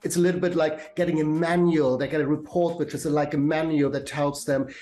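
A man's voice: fairly high pitch, steady tone, fairly quick, warm tone. Middle-aged German-accented man, coach. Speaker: guest, career and life coach. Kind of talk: podcast interview.

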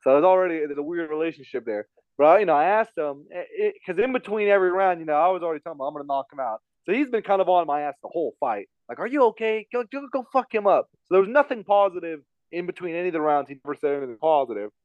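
A man with a high voice rattles through a personal story at a quick clip, circling back and repeating himself. The sound is dry and a little dull, recorded close with no room around it. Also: animated, no echo. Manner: rambling, repeats himself, frequent fillers. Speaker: podcast guest telling a story. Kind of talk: casual storytelling chat.

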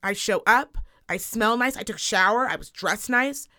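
A woman in her thirties co-hosting a casual podcast, telling a story in an animated, profane rant. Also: on the high side, normal speed. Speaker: podcast co-host. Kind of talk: casual chat.

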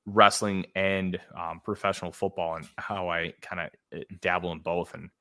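A man's voice: low-pitched, little pitch movement, normal speed, sharp tone. A man hosting a podcast interview, talking casually with frequent fillers and restarts. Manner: conversational, hesitant with fillers. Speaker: podcast host.

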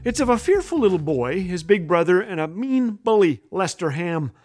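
A man's voice: sits high, big pitch swings, normal speed, a little mellow, soft background music. A middle-aged man hosting a radio show, telling a humorous story with wry, self-deprecating jokes.

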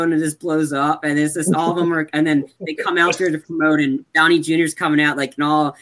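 A man co-hosting a casual podcast, retelling movie scenes in a rambling, animated way with lots of fillers. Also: a little high, fast, few pauses. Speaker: podcast co-host. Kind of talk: casual chat.

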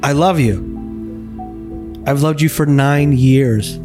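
A man reading a film monologue as a woman confessing years of love to her best friend, slow and halting. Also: medium pitch, over loud music, pitched below the performer's own voice, natural voice. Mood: earnest.

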